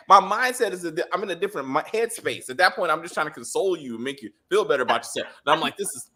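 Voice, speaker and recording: A man co-hosting a casual spoiler review of a movie, talking in an animated way and laughing often. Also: a little high. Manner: animated, laughing, acts out characters in quick asides.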